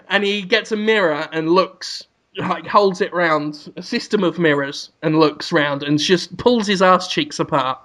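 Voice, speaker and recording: High, bright man spinning a silly tale. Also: measured pace. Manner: rambling, giggling, bursts into silly put-on voices. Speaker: podcast panelist. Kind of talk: comedic storytelling on a podcast.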